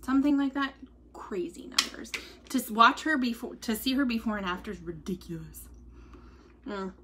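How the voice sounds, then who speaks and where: A woman's voice: on the high side, animated, moderate pace, heavy background noise. A middle-aged woman chatting casually on a livestream, rambling through stories and laughing often as she digresses. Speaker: vlogger selling wellness drinks.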